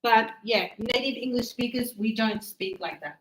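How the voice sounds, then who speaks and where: A woman teaching English grammar to a class, stretching out words slowly and checking in with "yes?" and "right?". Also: a little high, fairly bright tone, echoey room, rough recording. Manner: encouraging, checks understanding with tag questions; slow, drawn-out words for teaching.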